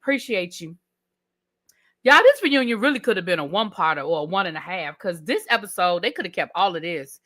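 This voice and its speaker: A woman hosts a live review stream, her voice lowish, animated, fairly quick and fairly bright in tone. She chats with viewers casually and emphatically, using Southern-tinged slang like "child," "ain't" and "honey."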